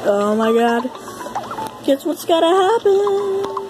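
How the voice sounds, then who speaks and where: Excitable high-voiced woman gamer with a cold. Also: takes it slowly, poor audio. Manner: excitable, exclaiming, rambling. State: has a cold. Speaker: let's play gamer. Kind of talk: casual gameplay commentary. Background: game music.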